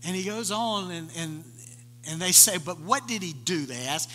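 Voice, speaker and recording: A high, bright-voiced man preaching a sermon, telling the story with lively, acted-out voices. His voice rings through a long reverberant church hall. A faint electrical hum sits under it. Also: brisk. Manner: animated storytelling, acting out voices of the people in the story. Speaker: pastor.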